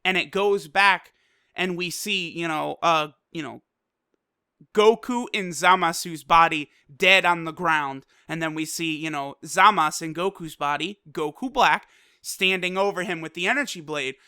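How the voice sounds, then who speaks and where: A video reviewer excitedly recapping an anime episode, swearing freely and filling with "like" and "you know". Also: medium pitch, measured pace, clean tone, dry recording, clean studio sound. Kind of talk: casual recap and commentary.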